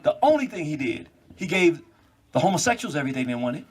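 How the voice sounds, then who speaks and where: A man giving an animated monologue, quick in bursts and laughing as he talks. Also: fairly high pitch.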